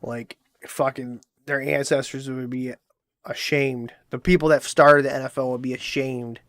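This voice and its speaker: A man's voice: mid-range voice, fairly even intonation, normal speed, a bit bright, dry recording. A man hosting a comedic commentary show, ranting in disbelief and swearing freely. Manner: incredulous, swearing rant. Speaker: show host.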